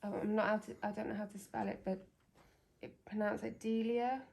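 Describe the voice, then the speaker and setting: A woman gently putting questions to a spirit during a ghost hunt. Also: medium pitch, flat delivery, a little fast, creaky. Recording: echoey room with faint noise.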